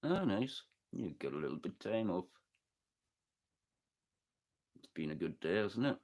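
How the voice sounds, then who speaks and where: Sweary northeast English man, very deep. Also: big pitch swings, fairly quick, darkish tone. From northeast England. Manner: sweary, joking, rambling. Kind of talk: casual chat reading live comments.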